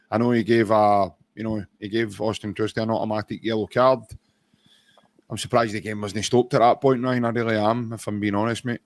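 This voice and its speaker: A man co-hosting a football podcast, talking in a casual, measured chat with many pauses and "um"s. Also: lowish voice, no room sound. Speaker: podcast co-host.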